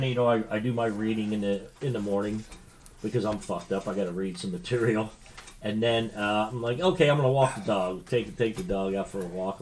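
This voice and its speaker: An older man co-hosting a podcast, telling rambling stories in casual chat with crude jokes and frequent laughter. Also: lowish voice. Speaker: podcast co-host.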